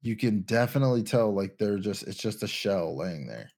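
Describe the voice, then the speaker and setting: A young man with a fairly low voice talks casually on a podcast. He rambles and thinks out loud, restarting his sentences as he goes. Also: expressive, moderate pace. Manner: rambling, many ums and restarts, thinking aloud. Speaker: podcast co-host. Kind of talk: casual chat.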